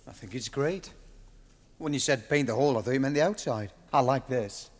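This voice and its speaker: A man's voice: mid-range voice, normal speed, natural voice. An actor playing an earnest, wry middle-aged man with a dry manner. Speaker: actor in a TV drama. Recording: reverberant hall.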